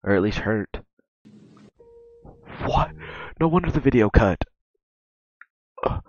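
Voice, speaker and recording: A man reacting to meme videos as a streamer, excitable and cursing often, bursting into laughter. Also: on the low side, takes it slowly, pauses often, dry recording, soft background music. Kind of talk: casual reaction commentary. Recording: dull lo-fi mic.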